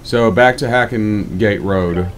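Deep-voiced man doing a casual let's play, voicing the game text with offhand asides, faint music behind. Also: slow. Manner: casual, swears, self-deprecating asides. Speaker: gaming channel host voicing a playthrough.

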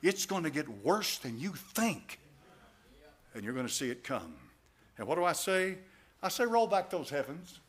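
A man preaching a sermon as pastor, repeating phrases for emphasis and swinging between hushed asides and loud, fervent calls. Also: fairly high pitch, sing-song, normal speed.

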